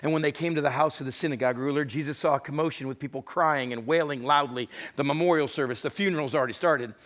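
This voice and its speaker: A man's voice: fairly high pitch, fast talker, hardly any pauses. Man preaching with dramatic swings. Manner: dramatic storytelling, acting out voices of scripture figures; swings between hushed intimacy and loud emphasis. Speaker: pastor. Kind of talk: sermon.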